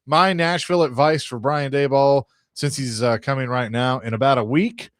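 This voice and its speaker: A man hosting sports talk radio in a relaxed, rambling way, his voice sitting at a middling pitch. The studio mic sounds dry and close. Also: moderate pace, no room sound. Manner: easygoing, rambling, reads ad copy. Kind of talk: casual sports radio banter. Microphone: studio microphone.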